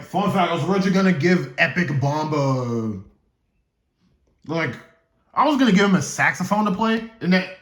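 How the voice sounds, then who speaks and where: A gaming YouTuber with a voice on the high side casually explains the story of his own fan game series in a roomy-sounding space. Working without a script, he rambles, stumbles, and jokes to himself.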